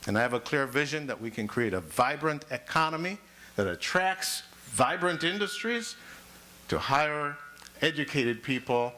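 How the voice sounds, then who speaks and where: A man's voice: medium pitch, sharp tone, slight background noise. A man running for mayor, giving a rousing debate opening statement that builds through repeated phrases. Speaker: mayoral candidate. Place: public forum hall.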